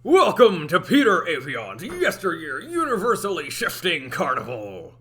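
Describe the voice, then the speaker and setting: A man voicing a grand male carnival announcer, drawing out each word slowly. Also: fairly high pitch, huge pitch swings, fairly bright tone, a little hiss or hum, pitched above the performer's own voice, full character voice. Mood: grandiose.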